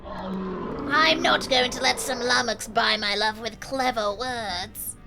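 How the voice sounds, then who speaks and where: A fierce, threatening lady manatee , as a woman puts her on for a video game stream. She is loud, theatrical and menacing, pushed up into a high, shrill register. Game music plays clearly underneath. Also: slow pace, low-quality recording.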